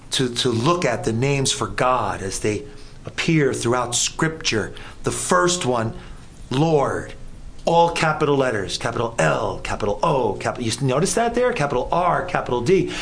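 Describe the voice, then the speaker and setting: A man preaching an evening sermon, animated, his voice climbing high as he voices questions to God. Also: a little hiss or hum. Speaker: pastor.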